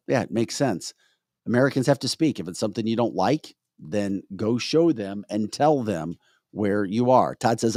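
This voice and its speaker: Man, deepish voice, talk show host, animated, reading comments, dry studio sound. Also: measured pace, dry recording. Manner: animated, reads viewer comments aloud.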